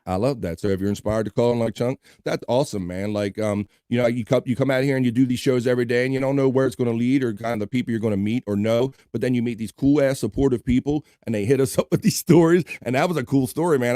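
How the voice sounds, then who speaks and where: A man's voice: mid-range voice, fast, hardly any pauses, dark tone, dry recording, studio quality. A man hosting a casual livestream show, reading chat aloud, laughing and swearing loosely. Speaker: host.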